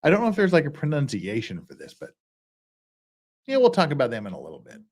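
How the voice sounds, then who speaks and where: A man's voice: a little high, wildly swooping pitch, fast. A man hosting a casual live stream, rambling and joking with many restarts and asides. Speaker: streamer host. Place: lives in Korea.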